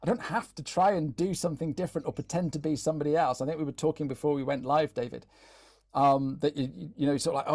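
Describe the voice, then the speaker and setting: A man's voice: fairly high pitch, steady tone, fast, darkish tone. Chatty man coaching on social media. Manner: chatty, repeats words, asks "yeah?" often. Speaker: LinkedIn content trainer. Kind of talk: live webinar talk.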